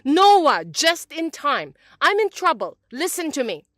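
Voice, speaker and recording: A woman's voice: high voice, sing-song, measured pace, sharp tone, no echo, clean studio sound, pitched above the performer's own voice, heavily acted. A woman voicing an older mother-in-law who is domineering and accusing, in a dramatized story reading. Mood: self-pitying. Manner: indignant, accusing, whiny.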